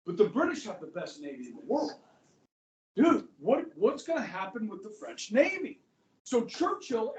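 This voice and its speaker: A man teaching history to a class, loose and conversational, tossing in "okay" and "guys" as he goes. His voice sits high. It is picked up from across an echoey classroom. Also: darkish tone, far from the mic, highs cut off. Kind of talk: classroom lecture.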